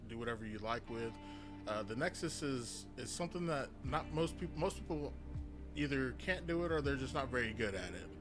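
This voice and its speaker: A man running a tabletop game as game master, talking in a rambling, hesitant way with many restarts. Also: mid-range voice. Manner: rambling, lots of uh fillers and restarts.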